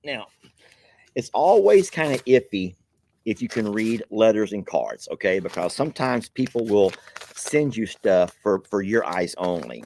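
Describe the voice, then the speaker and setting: A man's voice: lowish voice, lively intonation, a little slow, a little mellow, a little hiss or hum. A man, chuckling and grateful as he hosts a casual chat, reading viewer mail aloud. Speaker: channel host opening viewer mail.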